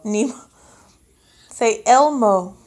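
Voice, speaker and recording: High, slow sing-song woman coaxing a toddler. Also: darkish tone. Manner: slow, sing-song prompting with drawn-out words. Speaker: parent.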